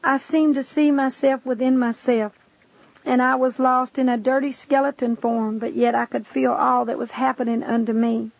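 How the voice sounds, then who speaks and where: A woman's voice: sits high, steady tone, moderate pace, creaky, no echo. A woman narrating a dramatic first-person testimony, speaking with passion and addressing the listener directly. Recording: dull lo-fi dry recording.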